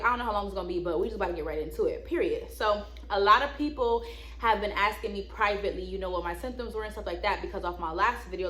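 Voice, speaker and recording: A woman's voice: mid-range voice, fairly bright tone, echoey room, slight background noise. A young woman vlogger chatting casually and slangily to her viewers, laughing often. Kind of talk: casual vlog chat.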